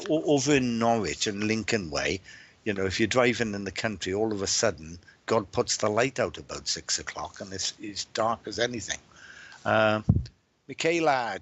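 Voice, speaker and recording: A man's voice: mid-range voice, fairly bright tone. A man from Wales, a medium hosting a livestream, chatting casually and greeting viewers by name, often repeating words and restarting his sentences.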